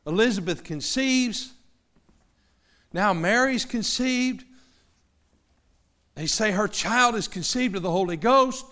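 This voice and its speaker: A middle-aged male pastor preaching a sermon, emphatic, moving between loud urgency and hushed lines. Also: high-pitched, lively intonation, slow, long pauses.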